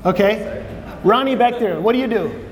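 High-voiced man preaching in a reverberant hall. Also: normal speed, slight background noise. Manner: conversational, repeats phrases, asks the audience questions. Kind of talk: sermon. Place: church hall with audience.

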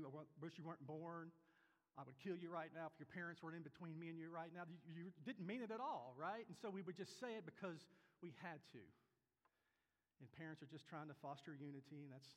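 A male pastor preaching a sermon in a conversational way, often asking the congregation questions. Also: on the high side. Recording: long reverb of a hall.

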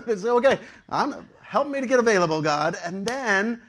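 A man preaching a sermon to his congregation in a conversational, animated way, with frequent fillers. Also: high voice, a little fast, few pauses. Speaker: pastor.

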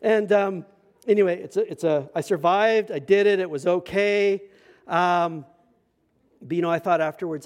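Here a young adult pastor with a high voice, speaking at normal speed, shares a personal story while preaching, moving from soft asides up to loud, emphatic moments.

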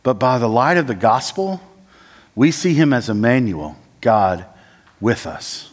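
A man preaching a sermon with frequent "uh" and "like" fillers, who moves between raised, urgent lines and low, slow, quiet ones. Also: big pitch swings. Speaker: church planting resident preaching. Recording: long church-hall reverb.

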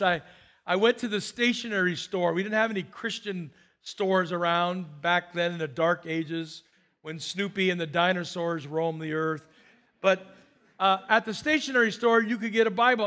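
A middle-aged man preaching a sermon as pastor, telling stories and acting out quoted voices with big swings. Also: high voice. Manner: animated storyteller, acts out quotes with big swings.

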